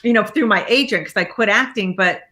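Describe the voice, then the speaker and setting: A woman, a life coach, being interviewed and telling her story in a lively way, acting out the lines of people she quotes. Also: medium pitch, a little fast.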